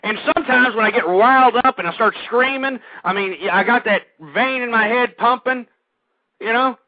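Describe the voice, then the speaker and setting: A man hosting an internet talk radio show, speaking in a rambling monologue that stumbles over repeated words and turns loud and heated. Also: very high voice, moderate pace, no echo. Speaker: radio host. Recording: tinny phone-line sound, dry.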